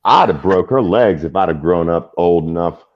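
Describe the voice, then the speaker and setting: A man's voice: low voice, expressive, moderate pace. A man from the Boston area ranting animatedly in casual chat on a livestream, swearing freely. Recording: dull lo-fi call audio.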